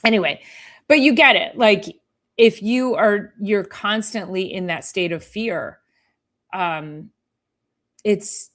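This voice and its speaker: A woman's voice: medium pitch, slow pace, pauses often, a bit bright. A woman chiropractor hosting a live health talk, chatting casually and acting out her patients with playful sing-song sounds.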